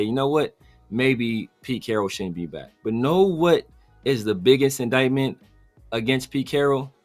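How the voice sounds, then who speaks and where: Animated man hosting sports talk. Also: mid-range voice. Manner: animated storytelling, mimics others. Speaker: podcast host. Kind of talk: casual sports chat.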